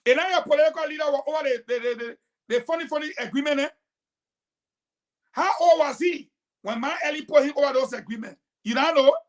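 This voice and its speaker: A woman delivers fierce political commentary on a talk show. Her voice sits high, and she jumps from loud, emphatic bursts to low, pointed asides. She is combative and lecturing. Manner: emphatic, combative, swings between loud outbursts and quiet asides.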